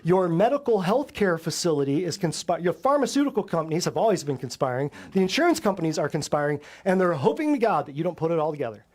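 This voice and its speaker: High-voiced, emphatic male health host. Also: big pitch swings, quick pace, hardly any pauses, darkish tone. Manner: emphatic, fires rhetorical questions at listeners; blunt and combative. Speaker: natural health show host. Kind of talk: lecture to a live audience.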